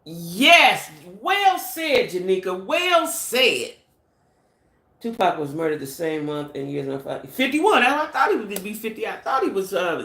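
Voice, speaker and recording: A woman's voice: mid-range voice, a bit bright, roomy sound. A middle-aged American woman hosting a casual gossip live stream, chatty and speculative, talking straight to her viewers. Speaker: channel host.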